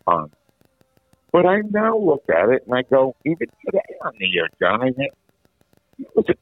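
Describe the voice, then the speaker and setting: A middle-aged man, a veteran sports radio host, telling stories in animated casual chat with many restarts. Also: medium pitch, moderate pace, no echo. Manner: animated anecdotal, frequent restarts. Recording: tinny phone-like line.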